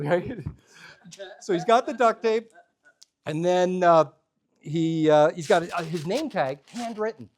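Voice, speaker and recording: Animated, high-voiced male storyteller. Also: unhurried. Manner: animated, humorous, self-deprecating. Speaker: storyteller leading a workshop. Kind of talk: live comic storytelling. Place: workshop room with a live audience.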